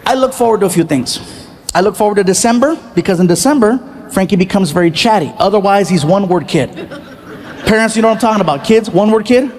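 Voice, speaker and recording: A middle-aged man performing a stand-up comedy routine, telling animated stories and acting out the voices of his family. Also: high-pitched, quick pace. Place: comedy stage with a live audience.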